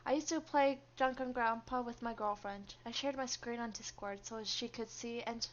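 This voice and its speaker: High-voiced woman streaming a game. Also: moderate pace, muffled recording. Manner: chatty, reads story lines aloud, laughs often. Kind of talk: game stream, reading story text aloud and chatting.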